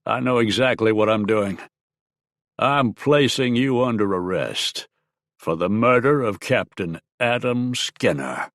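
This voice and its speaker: A man voicing a stern, scheming army colonel in an audiobook, with a sharp, strident, clipped delivery. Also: lowish voice, no echo, clean studio sound. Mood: cold. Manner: cold, clipped, deliberate. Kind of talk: audiobook character voice.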